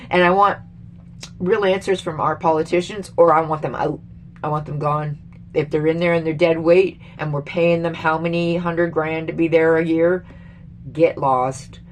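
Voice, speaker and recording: A middle-aged Canadian woman in a heated, swearing vlog rant, emphatic and exasperated, rambling with sudden jumps in pitch. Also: steady tone, moderate pace, a little hiss or hum. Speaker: vlogger. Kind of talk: casual angry political rant.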